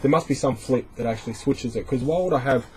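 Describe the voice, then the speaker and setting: Man in group chat, earnest and quick-paced, faint hiss in the room. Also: mid-range voice, darkish tone, poor audio. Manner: earnest, reasoning aloud, swears for emphasis. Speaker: support group member. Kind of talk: casual group discussion.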